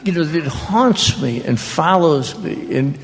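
An older man, telling family stories on stage to a live audience in a slow, drawling way, often laughing as he talks. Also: on the high side, expressive, gravelly, some chatter behind. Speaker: author speaking on stage. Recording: long reverb of a hall.

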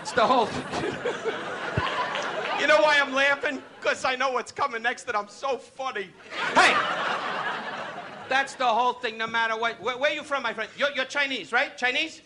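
Brash New comic over roaring crowd. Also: male voice, very high voice, measured pace, pauses often, very noisy. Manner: brash, needling crowd work with put-on voices. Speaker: stand-up comedian. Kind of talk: insult comedy set before a live audience. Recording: archival club recording with loud crowd laughter. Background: loud audience laughter.

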